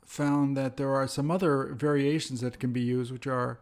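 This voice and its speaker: A man teaching an English lesson, speaking slowly and carefully and repeating example phrases. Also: medium pitch, flat delivery, darkish tone. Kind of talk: slow, deliberate language lesson.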